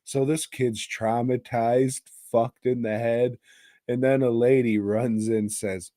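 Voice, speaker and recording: A man's voice: medium pitch, fairly even intonation, slow pace, dark tone, no echo, studio quality. A man co-hosting a movie podcast, recapping a film in crude, jokey casual chat and breaking into silly voices. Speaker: podcast co-host.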